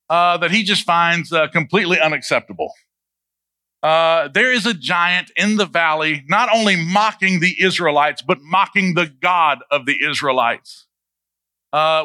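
A man's voice: a little high, bright, forceful tone, no echo. A male pastor who retells a Bible story in a loose, humorous, conversational sermon and asks his listeners questions.

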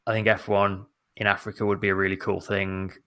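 Gravelly-voiced podcast co-host. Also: male voice, on the low side, level tone, a little fast, a bit bright. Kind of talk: casual chat.

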